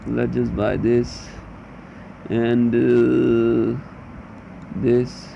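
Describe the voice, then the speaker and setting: Grumbling male gamer, gravelly dark voice, curses a lot. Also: mid-range voice, flat delivery, extremely slow. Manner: swears, grumbles, reads game text aloud. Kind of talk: let's play commentary. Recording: muffled with faint hum.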